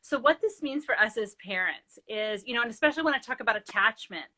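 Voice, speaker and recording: A woman's voice: a little high, expressive, quick pace, bright, forceful tone. A middle-aged woman, a parenting expert, explaining earnestly in a live interview and telling stories with quoted dialogue.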